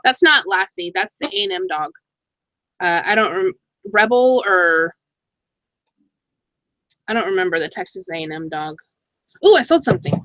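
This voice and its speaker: A middle-aged woman chatting casually in a thrift haul vlog, excitable and talking to herself as she goes through her finds. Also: lowish voice, moderate pace, pauses often, no echo, low-quality recording. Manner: chatty, excitable, talks to herself while browsing items. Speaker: thrift reseller vlogger.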